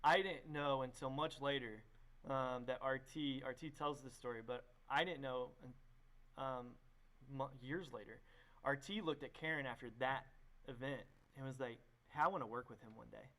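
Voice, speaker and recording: A man's voice: mid-range voice, fairly even intonation, normal speed, a bit bright. Young man, youth pastor, casual testimony, rambling, lots of fillers. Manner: rambling, many fillers and restarts.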